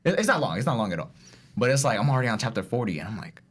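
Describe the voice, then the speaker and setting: A young man co-hosting a podcast, talking in a casual chat among friends, excitable and quick to jump in. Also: mid-range voice. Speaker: podcast co-host.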